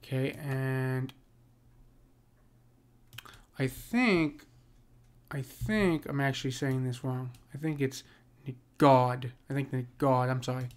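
A man talks through a lesson in relaxed, conversational tones and keeps asking his listeners whether they follow. His voice sits at an ordinary middle pitch. He slows down to read verse lines aloud before going back to his explanation. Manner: conversational, checks in with "right?" often. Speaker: teacher. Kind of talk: casual screen lesson on poetic meter.

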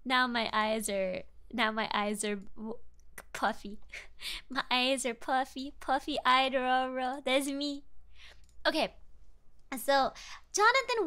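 A woman's voice: high-pitched, a bit bright, clear, resonant tone. A young woman streaming, chatting casually and greeting viewers by name with lots of giggles. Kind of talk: casual live-stream chat.

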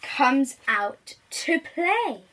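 A woman reading a picture book aloud to young children, gentle and chatty with her viewers. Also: high voice, sing-song, very slow.

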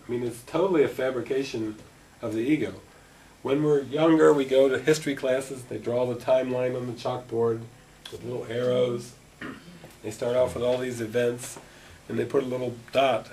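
A man's voice: mid-range voice, fairly quick. A middle-aged man giving a spiritual talk to a gathering, telling stories and acting out conversations. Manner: animated storyteller, acting out dialogue. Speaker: spiritual teacher. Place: meeting room at a gathering. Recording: distant mic with faint noise.

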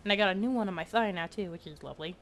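A woman's voice: medium pitch, racing, fairly bright tone, a little hiss or hum. A woman commenting on a video game as she plays, chatty with exaggerated reactions. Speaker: gameplay streamer. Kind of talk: let's play commentary.

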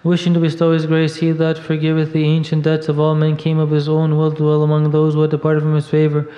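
Man reciting hymns in a monotone, echoing church. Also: a little high, fast talker. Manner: steady monotone recitation with small slips. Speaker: reader at a monastery service. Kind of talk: liturgical reading of a hymn. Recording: dull echoey church audio.

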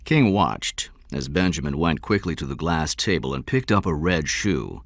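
A man reading a story aloud in expressive, measured scripted narration. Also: very deep voice, dry recording. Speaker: audiobook narrator.

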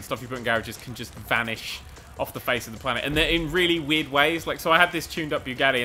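A man commentating a video game race, excitable and sweary, rambling and mocking himself, a little out of breath. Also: medium pitch, a little hiss or hum. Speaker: gaming commentator. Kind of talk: let's play commentary.

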